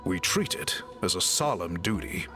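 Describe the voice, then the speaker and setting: An actor voicing a giant, gentle male tribal chief in a video game, speaking with a deep, gurgling, solemn delivery. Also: expressive, moderate pace. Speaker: game character. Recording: game audio with music underneath.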